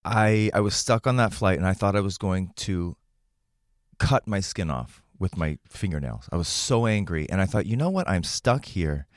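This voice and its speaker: A man co-hosting a podcast, chatting casually with wry, quick asides. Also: low-pitched, animated, no room sound, clean studio sound. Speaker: podcast co-host. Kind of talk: casual chat.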